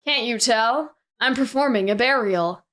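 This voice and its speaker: A woman's voice: a little high, unhurried, fairly bright tone, pitched below the performer's own voice. Woman doing a solemn young gravekeeper guy. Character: spooky deadpan young male gravekeeper.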